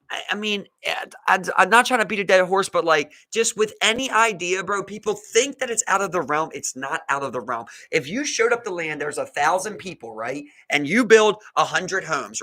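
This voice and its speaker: A man from Baltimore with a local accent, co-hosting a podcast in rambling casual chat, saying "bro" a lot and swearing. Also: sits high. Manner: animated, says "bro" often, swears, rambling. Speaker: podcast co-host.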